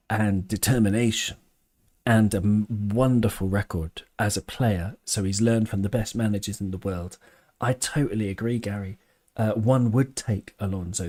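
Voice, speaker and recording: A man's voice: medium pitch, warm tone. A man hosting a live fan stream, chatting loosely and thoughtfully, with frequent restarts and chuckles while reading viewer comments. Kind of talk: casual live-stream chat.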